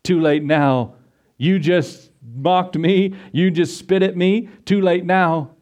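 A man's voice: high voice, fairly even intonation, takes it slowly, a little mellow. A man acting out an imagined sarcastic god who turns a sinner away, mocking and dismissive.

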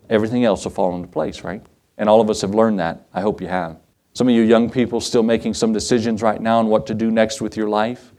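A man's voice: fairly low pitch, steady tone, fast, dark tone. Folksy earnest male pastor preaching. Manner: earnest, folksy, chuckles often; emphatic repetition, rising preacher cadence. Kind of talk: sermon.

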